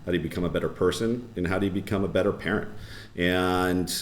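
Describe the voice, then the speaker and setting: A man's voice: sits low, fairly even intonation, quick pace, a little hiss or hum. A man, a podcast guest talking casually about his career. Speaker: podcast guest, company president. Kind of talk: conversational interview. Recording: echoey room.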